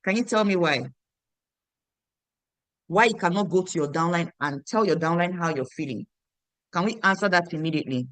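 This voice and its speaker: A woman's voice: fairly low pitch, lively intonation, moderate pace, pauses often, a bit bright, no echo. A woman, leading a motivational training for her team, emphatic and repetitive, quizzing her listeners.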